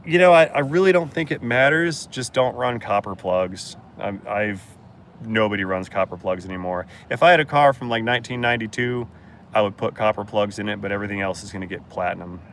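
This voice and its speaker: A man's voice: on the low side, lively intonation, a little fast, a bit bright, a little hiss or hum. A man hosting a casual live-stream Q&A as a mechanic, blunt and joking as he answers chat.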